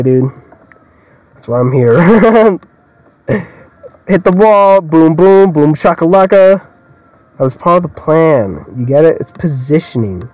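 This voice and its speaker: A man's voice: a little high, a little mellow, dry recording, poor audio. Rambling young man gaming, dry close mic. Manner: rambling, joking, swears a lot, laughs often. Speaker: gamer. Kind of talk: casual let's-play commentary.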